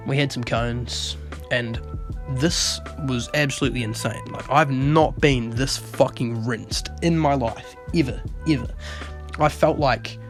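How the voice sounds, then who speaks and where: A young man telling a rambling story in a casual vlog, swearing heavily and getting animated. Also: medium pitch. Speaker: vlogger.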